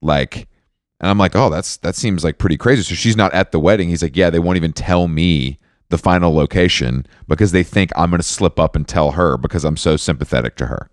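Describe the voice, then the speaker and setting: A man's voice: low-pitched, no echo, studio quality. A man co-hosting a podcast, telling a long story in a casual, rambling way and acting out what others said. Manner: rambling storyteller, quick laughs, acts out quotes. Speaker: podcast co-host.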